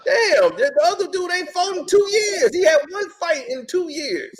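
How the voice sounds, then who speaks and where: A man with a strikingly high voice swaps stories in relaxed conversation. His pitch leaps and dips as he acts out what others said, and he breaks into laughter often. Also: moderate pace. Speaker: podcast guest telling stories. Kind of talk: casual storytelling chat.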